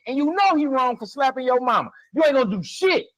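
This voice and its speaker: Man, high-pitched, emphatic and profane, dry close sound, heated casual talk. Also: sing-song, fast talker, dry recording, poor audio. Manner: emphatic, profane, laughing often. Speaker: podcast co-host.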